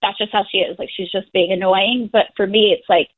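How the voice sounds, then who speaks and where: A young woman calling in for advice, hesitant and halting, with many ums and restarts, near tears. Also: medium pitch, fairly even intonation, no echo. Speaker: caller. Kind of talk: phone-in call. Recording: tinny phone line.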